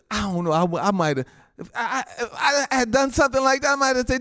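A man preaching as a pastor, animated and laughing often, with frequent amens. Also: very high-pitched, fast talker. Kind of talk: sermon.

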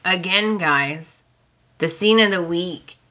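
A woman hosting a podcast, casually retelling soap opera scenes in an animated way and acting out the characters' lines. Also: fairly low pitch, slow, noisy background. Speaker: podcast host.

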